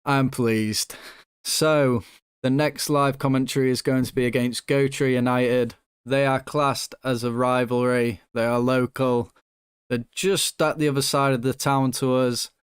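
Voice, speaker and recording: A young man commentating his own football management game, excitable and swinging between nervous hush and loud joy, swearing now and then. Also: mid-range voice, unhurried, clean tone, no echo, clean studio sound. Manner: excitable, swings from hushed nerves to shouting joy. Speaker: gaming YouTuber.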